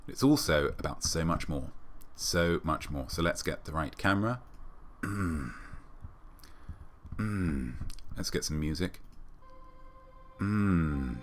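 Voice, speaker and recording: A young man hosting a comedic live show, swinging between mock-solemn asides and loud, theatrical excitement. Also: extremely low pitch, unhurried, pauses often, slight background noise. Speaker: host.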